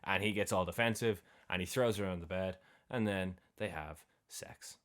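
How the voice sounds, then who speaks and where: Deep-voiced man recapping a film. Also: moderate pace. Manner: retells scenes by acting out characters' lines, swears casually. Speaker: film podcast co-host. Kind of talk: casual film recap chat.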